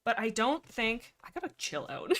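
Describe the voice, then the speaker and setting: A woman's voice: a little high, sing-song, a little slow, a bit bright. A young woman hosting a casual livestream chat, rambling in a giggly, self-deprecating, slightly nervous and breathless way. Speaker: livestream host.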